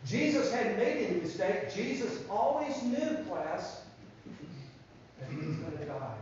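A high-voiced man tells children a Bible story in a church room, quizzing them as he goes. The recording is very echoey, distant and dull, with faint noise underneath. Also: big pitch swings, unhurried, darkish tone. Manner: asks the listeners questions and answers them.

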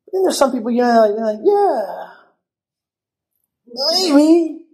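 A young man preaching a church sermon, telling a story in a lively, casual way and acting out the voices of people in it. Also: very high voice, racing. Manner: animated storytelling with acted-out voices. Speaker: pastor.

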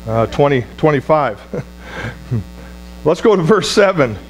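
High-voiced man preaching a sermon. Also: sing-song, slow, slight background noise. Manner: emphatic preaching with repeated phrases and congregation call-outs; restarts and stumbles over words. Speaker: pastor.

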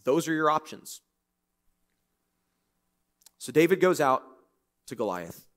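A man preaching a sermon in a church, reading scripture and breaking into lively, conversational, joking asides. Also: a little high, slow pace. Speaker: pastor.

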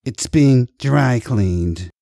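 A man's voice: medium pitch, lively intonation, very slow, creaky, mellow, no room sound, clean studio sound, exaggerated voice. A man doing a smug, baiting boss. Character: smug manipulative male boss. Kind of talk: audiobook character voice.

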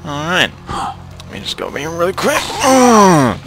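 Speaking briskly with vocal fry, a young male commentator's fairly high voice swoops wildly in pitch. He jokes his way through a casual let's-play, talking to the enemies on screen while game music plays behind.

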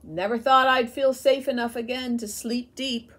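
A woman reading a picture book aloud with expressive, unhurried storytelling. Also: on the high side. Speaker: storybook reader.

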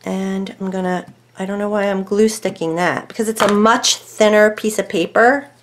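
A woman hosting a casual crafting tutorial at home, chatting to herself and her dogs as she works and thinking aloud over each choice, sometimes dropping to soft murmurs. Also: mid-range voice, steady tone, moderate pace, slight background noise.

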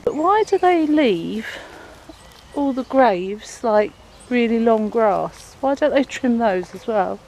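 A woman's voice: expressive, slow, darkish tone. Woman vlogger, casual and rambling, filmed on a phone outdoors with light background noise. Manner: chatty, rambling, talks to her dog in a high sing-song voice. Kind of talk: casual chat to camera. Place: outdoors walking a dog.

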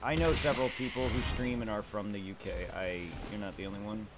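A man hosting a gaming stream, talking in a casual, halting way full of fillers. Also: fairly low pitch, over loud music.

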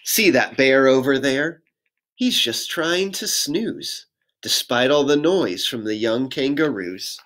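A pastor reads a children's picture book aloud, unhurried and gentle, his voice rising and falling in a lively sing-song. He pauses often to invite young listeners to join in. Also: mid-range voice. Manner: gentle, sing-song reading with audience prompts.

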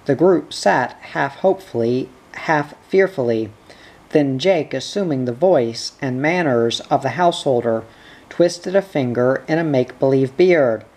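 A man reading chapters of a novel aloud in a steady, even storytelling delivery. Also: medium pitch, unhurried. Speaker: audiobook reader.

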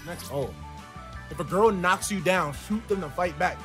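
A young man streaming a video game, excitedly yelling, laughing and talking to his chat over game music. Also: high voice, moderate pace. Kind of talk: excitable let's-play commentary.

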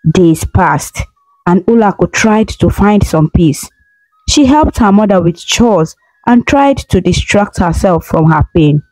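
A woman narrating a folktale in a steady, even reading. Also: medium pitch, measured pace, dry recording, low-quality recording. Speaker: storyteller.

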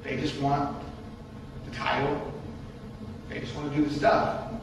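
Against a noisy background, a man preaches in a church sanctuary with a mid-range voice, flat delivery, a slightly slow pace, and vocal fry. His sermon is emphatic and repetitive, posing rhetorical questions to the congregation, recorded from a distant mic in an echoey hall.

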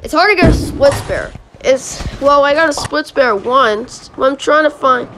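A channel host giving rambling commentary on a mobile game, who yelps and groans at misses. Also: female voice, sits high, a little slow, noisy background. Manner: rambling, restarts sentences.

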